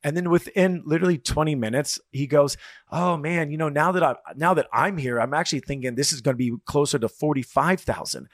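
A man's voice: fairly high pitch, a little fast, no room sound, clean studio sound. Rambling, swearing male podcast co-host. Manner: rambling, swears freely, retells stories with quoted voices. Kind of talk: casual chat.

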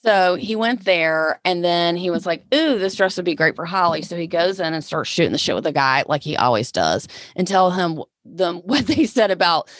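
A woman's voice: fairly low pitch, lively intonation, normal speed, hardly any pauses, no echo, clean studio sound. A woman co-hosting a podcast, bantering and teasing in casual chat. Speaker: podcast co-host, stylist.

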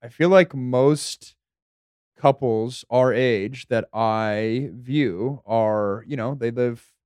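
A young man co-hosting a casual chat in a relaxed, conversational way. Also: medium pitch, extremely slow, smooth, no echo. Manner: relaxed, conversational, some restarts. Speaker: podcast co-host.

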